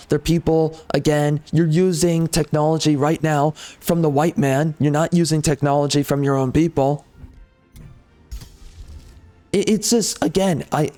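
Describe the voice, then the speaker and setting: A man's voice: fairly high pitch, warm tone. A man making a gaming video, giving heated, repetitive, exasperated commentary over gameplay.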